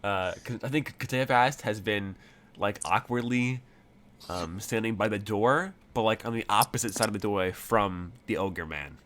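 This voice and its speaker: A man runs a tabletop game, narrating in a somewhat low voice. He wanders through his descriptions, full of fillers and restarts. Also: normal speed, a bit bright. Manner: rambling, many fillers. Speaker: game master.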